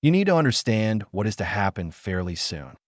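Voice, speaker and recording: A man's voice: lowish voice, big pitch swings, brisk, no echo, studio quality. A man voicing a proud, menacing female demon fox spirit who commands and threatens. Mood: stern.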